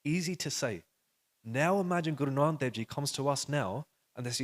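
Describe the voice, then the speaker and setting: A man giving an animated storytelling talk to a live audience, acting out quoted dialogue and putting questions to the listeners. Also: a little high, fast talker. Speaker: speaker at a religious youth session.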